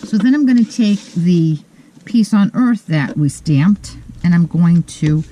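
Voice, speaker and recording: A woman hosting a step-by-step card-making tutorial at her craft desk, talking in a relaxed, methodical way with frequent pauses to think. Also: fairly low pitch, rough recording.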